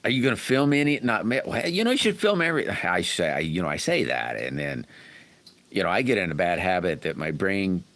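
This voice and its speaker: On a dry recording, a low-voiced middle-aged man hosts a laid-back livestream, a little fast and very animated, with a somewhat bright tone. He works through viewer comments, answering folks by name in a rambling, chatty way with plenty of chuckles.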